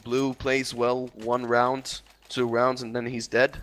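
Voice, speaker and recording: A man casting a competitive shooter match as play-by-play commentator, excitable and rising on big plays. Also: mid-range voice, takes it slowly. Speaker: esports caster. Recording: noisy stream with game gunfire behind. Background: game sounds, gunfire.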